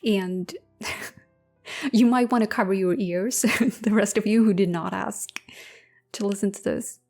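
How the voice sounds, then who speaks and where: Young female ASMR creator, dark mellow tone, soft-spoken Q&A, drifts into whispers. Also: mid-range voice, fairly even intonation, soft background music. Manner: slow, intimate, drifting into whispers with soft laughs.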